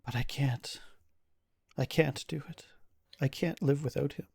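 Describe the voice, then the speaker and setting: A man's voice: mid-range voice, steady tone, a little slow, vocal fry, darkish tone, slightly rough, dry recording. A man voicing a grieving young village woman in a fantasy tabletop game, pleading and begging in despair. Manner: pleading, sobbing, begging to die.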